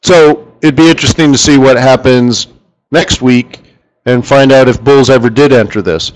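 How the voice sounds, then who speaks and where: A man hosting a live currency trading strategy session in front of a room, talking in an animated, joking way and firing off rhetorical questions at the audience. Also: medium pitch, normal speed, low-quality recording.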